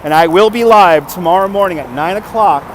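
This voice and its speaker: A man with a fairly high voice hosts a casual walking livestream, chatting and laughing as he answers viewers. He is recorded on a phone on a gimbal outdoors at night, with faint street traffic behind him. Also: brisk. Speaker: livestream host. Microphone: phone on a handheld gimbal.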